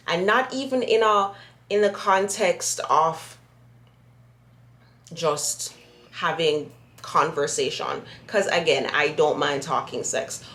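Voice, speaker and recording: Low-voiced blunt woman vlogger. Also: fairly bright tone, slight background noise. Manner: blunt, sassy and emphatic. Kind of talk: casual direct-to-camera vlog. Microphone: phone or compact camera.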